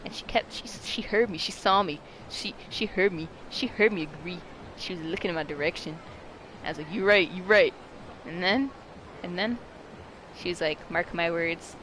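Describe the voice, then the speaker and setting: A vlogger telling a story in a casual, rambling and dramatic way, mocking themselves and breaking into sudden high-pitched shrieks. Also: normal speed, a bit bright, slight background noise, low-quality recording.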